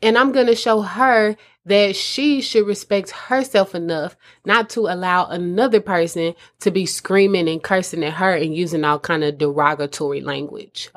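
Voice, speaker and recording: In a casual advice session for moms, a woman host speaks at normal speed with a fairly low, fairly even voice and barely pauses. She's earnest and conversational and refers to listeners as "mamas."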